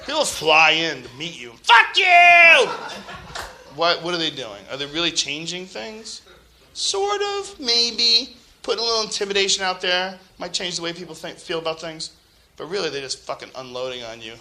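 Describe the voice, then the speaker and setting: A man with a high, piercingly bright voice runs a casual podcast rant. He swears freely, laughs through his stories and puts on mocking voices for other people. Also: lively intonation, moderate pace, a little hiss or hum. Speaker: podcast host.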